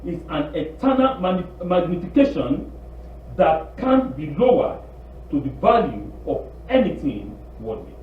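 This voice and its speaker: A man preaching a sermon in an animated, pleading way, acting out quotes. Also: fairly high pitch, a little slow, distant mic, slight background noise. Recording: tinny echoey room recording from afar.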